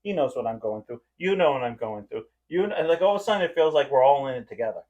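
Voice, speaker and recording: A man's voice: medium pitch, fast talker, highs cut off. A man co-hosting a casual podcast chat, telling rowdy stories with laughs. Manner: animated, laughing storyteller. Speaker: podcast co-host.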